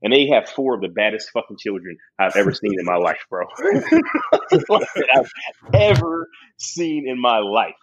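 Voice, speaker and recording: Animated, husky-voiced young man telling a story. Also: lowish voice, normal speed, lo-fi sound. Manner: profane, animated, laughs often. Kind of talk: casual storytelling chat.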